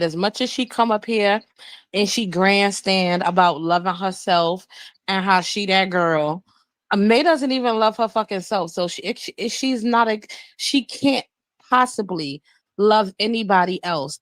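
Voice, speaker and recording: A woman's voice: mid-range voice, no room sound. A woman co-hosting a livestream, giving blunt, profane gossip commentary in a casual chat. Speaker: livestream co-host.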